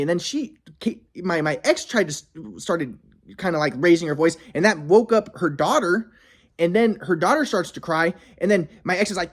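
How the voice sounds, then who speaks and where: A man's voice: high-pitched, lively intonation, fast. A man telling a personal story in a rambling, emphatic, profane way. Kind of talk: casual storytelling monologue.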